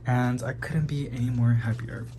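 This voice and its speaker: A man hosting a casual houseplant tour of his apartment, chatting quickly and calling his plants "girly" as he walks through the rooms. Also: mid-range voice, fairly even intonation, mellow, slight background noise. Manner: chatty, talks fast, calls plants "girly". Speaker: plant channel host. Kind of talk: casual home tour vlog.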